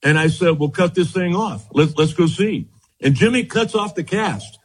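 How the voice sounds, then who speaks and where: An older man, a former ballplayer, recounting his career in an animated interview, acting out the dialogue he quotes. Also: fairly high pitch, normal speed, husky. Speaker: former pitcher, guest. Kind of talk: storytelling interview.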